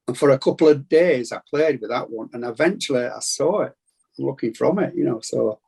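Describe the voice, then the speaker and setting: A man with a Bradford Yorkshire accent talks in an earnest, rambling, reflective way. His voice is gravelly with a husky edge at a middling pitch. He is heard over a video call. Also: fairly quick, a little mellow. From England. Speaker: meeting participant. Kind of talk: casual sharing.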